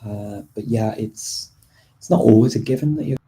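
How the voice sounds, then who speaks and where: A man's voice: fairly low pitch, normal speed, dark tone, a little hiss or hum, poor audio. A man hosting a live stream, answering viewer questions in a casual, chatty way with frequent ums and restarts. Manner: chatty, many ums and restarts, light laughs.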